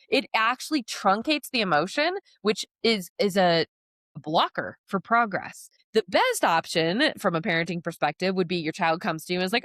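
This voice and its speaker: Lively woman podcast co-host, dry sound. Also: mid-range voice, normal speed, no echo. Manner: lively storyteller who acts out quotes. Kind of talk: casual podcast conversation.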